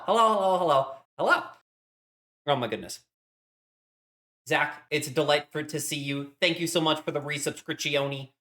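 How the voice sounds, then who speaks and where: Bubbly young man chatting while baking. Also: a little high. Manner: bubbly, rambling, greets chat warmly with repeated hellos. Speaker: streamer. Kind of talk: casual live-stream chat while baking. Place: home kitchen.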